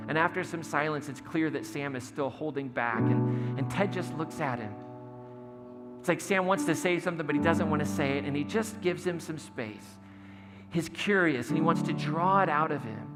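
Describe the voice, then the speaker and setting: A man's voice: fairly high pitch, normal speed. A man preaching a conversational sermon as pastor, retelling a story in a casual, storytelling way. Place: church sanctuary. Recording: long hall reverb, soft music behind.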